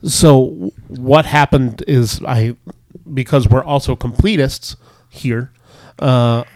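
A man's voice: mid-range voice, takes it slowly, darkish tone, no echo. Man, host, casual chat, tired, rambling with lots of uh, dry close sound. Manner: rambling, filler-heavy explanations. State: tired from staying up. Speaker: podcast host.

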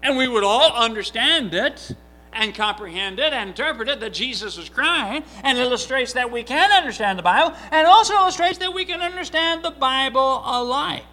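A man with a very high-pitched, pushed, bright voice reads scripture aloud at a normal pace and then preaches a sermon. His intonation is lively, and he is earnest and emphatic, repeating key points and often restarting.

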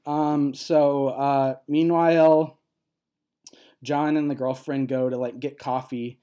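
A man's voice: medium pitch, little pitch movement, slow pace, mellow. A man in casual podcast chat, retelling a film plot with many fillers and laughs. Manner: rambling, many fillers, laughs while talking.

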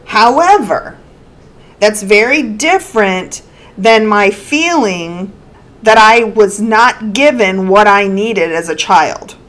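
Slow, thoughtful woman podcast co-host. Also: mid-range voice, expressive, a bit bright, poor audio. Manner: thoughtful, searching for words. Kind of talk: casual podcast conversation.

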